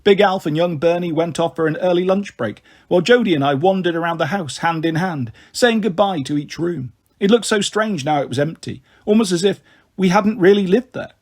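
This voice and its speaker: A man reading a children's novel aloud in a steady, expressive way. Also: high voice, a little fast. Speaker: storyteller.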